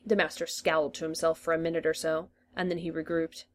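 A woman reading a story aloud, in a measured storytelling manner. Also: deep voice, little pitch movement. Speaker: reader. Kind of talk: reading fan fiction aloud.

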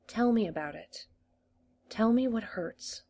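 A woman's voice: fairly high pitch, lively intonation, measured pace, dark tone, a little hiss or hum, pitched above the performer's own voice. A woman reading a story aloud, voicing a scheming male Time Lord who coaxes, teases and boasts. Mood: teasing. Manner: coaxing, teasing and boastful.

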